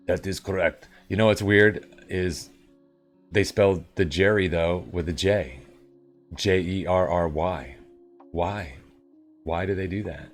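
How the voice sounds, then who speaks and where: A man's voice: low voice, measured pace, faint music behind. A man live-streaming and chatting casually with viewers, rambling and upbeat in his morning voice. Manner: rambling and upbeat, with sudden loud bursts.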